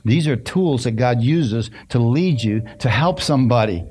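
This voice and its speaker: A middle-aged pastor preaching a sermon in a conversational, storytelling way, often asking the congregation questions. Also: male voice, mid-range voice, animated, normal speed, a little mellow, slightly rough. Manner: conversational, asks the congregation questions, many restarts. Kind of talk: sermon with personal stories.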